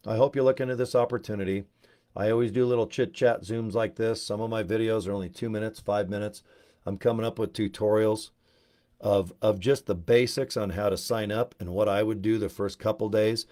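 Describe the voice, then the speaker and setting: In a low-leaning, mellow voice, a Utah man promoting a network marketing business rambles and jokes through a casual video chat. He goes off on tangents and puts on silly voices.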